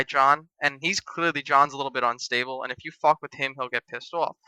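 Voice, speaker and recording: A young man co-hosting a podcast, telling a profane, animated story in casual chat. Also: on the high side, clear, resonant tone, no echo, rough recording. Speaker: podcast co-host.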